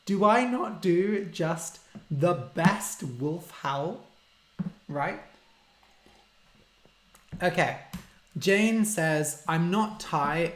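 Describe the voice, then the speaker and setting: A man, a language teacher hosting a casual live-stream Q&A, reading out viewer questions and explaining simple words for learners. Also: on the high side. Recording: roomy echo.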